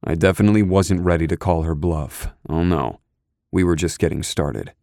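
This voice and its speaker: A man's voice: deep voice, normal speed, gravelly, darkish tone, dry recording, studio quality. A man narrating an audiobook in the first person, brooding, intense and controlled.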